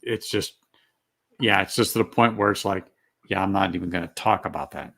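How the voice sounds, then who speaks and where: A man's voice: low-pitched, brisk, gravelly, a bit bright. A man chatting casually on a stream, mostly giving short agreeing replies with some dry sarcasm. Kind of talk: casual chat on a live stream.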